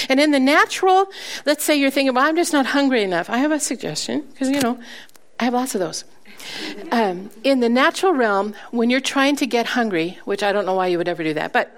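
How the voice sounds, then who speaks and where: A woman preaching a sermon, telling stories with laughter between points, slowing down for emphasis and dropping to a soft, quiet voice. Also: mid-range voice. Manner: slows down for emphasis, then drops to a soft, quiet voice. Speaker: guest preacher.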